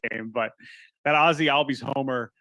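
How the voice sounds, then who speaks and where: A man talking baseball as a guest on a sports radio show, animated and often restarting his words, calling in by phone. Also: mid-range voice, moderate pace, dry recording. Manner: animated, repeats words when starting thoughts. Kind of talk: casual sports radio chat. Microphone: phone line call-in.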